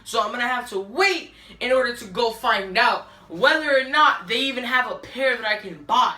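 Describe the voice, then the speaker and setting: A woman's voice: a little high, normal speed, reverberant. A woman ranting to camera in a frustrated, profane way, filmed on a phone on a selfie stick. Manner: profane, frustrated, rising to shouting. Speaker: vlogger. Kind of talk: angry rant to camera.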